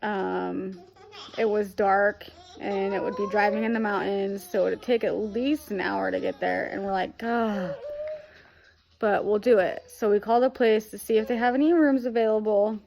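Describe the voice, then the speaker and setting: A woman's voice: mid-range voice, steady tone, moderate pace, vocal fry, a little mellow. A young woman vlogger retelling a hard weekend in a rambling, emotional way, full of fillers. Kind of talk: casual storytelling.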